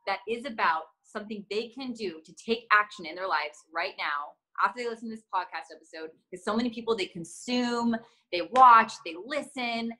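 A woman's voice: mid-range voice, moderate pace, sharp tone, low-quality recording. A woman hosting a podcast, asking long enthusiastic questions in casual chat. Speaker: podcast host.

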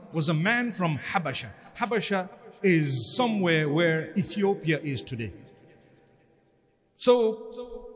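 A man giving a sermon, mixing jokes and conversational asides with pious interjections. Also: high voice. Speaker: Islamic preacher. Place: lecture hall. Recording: long hall reverb.

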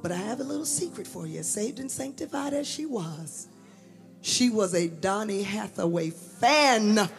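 Animated woman telling a tribute story. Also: medium pitch, measured pace, vocal fry, faint music behind. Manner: animated storyteller acting out voices. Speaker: daughter giving a tribute. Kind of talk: storytelling tribute at a memorial service. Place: church sanctuary.

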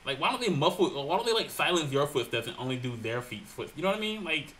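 A man giving jokey, excitable commentary while playing a video game, swinging from low mutters to loud shouts. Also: fast talker, a little hiss or hum. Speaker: gaming channel host. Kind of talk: Let's Play commentary.

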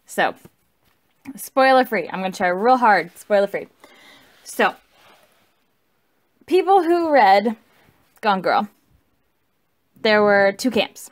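A woman's voice: medium pitch, animated, a little slow, pauses often. A tipsy woman rambling through a casual, profane book review and correcting herself as she goes.

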